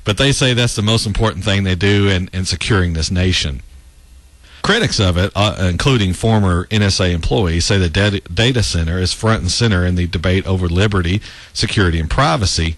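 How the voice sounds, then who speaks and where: A man's voice: low-pitched, fairly quick, dry recording. A man hosting a talk show, giving casual political commentary in a sarcastic tone and laughing at his own remarks. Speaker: radio talk show host.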